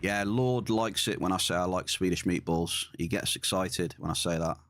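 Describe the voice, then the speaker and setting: A man's voice: deep voice, normal speed, a bit bright. A man streaming a game, chatting casually and answering his viewers. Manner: chatty, reads and answers chat. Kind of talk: casual gaming stream chat.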